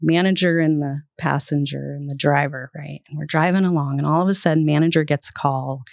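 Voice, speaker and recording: Low-voiced woman telling a lively story. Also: brisk, vocal fry, dry recording, studio quality. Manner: animated, vivid storyteller. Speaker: guest, public relations executive. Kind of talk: storytelling in a podcast interview.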